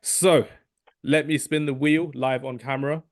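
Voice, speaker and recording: Male podcast host, rambling and excitable, hoarse today, dry close sound. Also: mid-range voice, measured pace, no echo. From England. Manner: rambling, excitable, self-correcting. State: losing his voice. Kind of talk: casual podcast chat.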